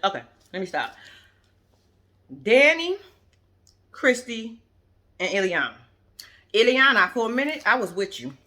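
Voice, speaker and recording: A woman's voice: medium pitch, sing-song, measured pace, long pauses, bright, forceful tone. A woman giving casual, unscripted commentary as a vlogger, blunt and profane, rambling and cutting herself off as she talks straight to her viewers. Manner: rambling, with self-interruptions. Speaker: vlogger reviewing a reality show.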